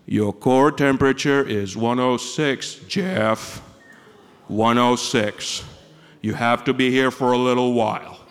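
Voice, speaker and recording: A man voicing a steady, reassuring male ER doctor who speaks in a measured way with small hesitations. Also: mid-range voice, smooth, long reverb tail, pitched below the performer's own voice. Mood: matter-of-fact. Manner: measured, matter-of-fact, slight hesitations.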